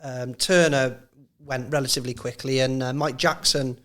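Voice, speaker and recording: A man's voice: mid-range voice, moderate pace. A man, a former club physio, telling stories with lots of laughter in a casual podcast chat. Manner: animated storyteller, laughs often.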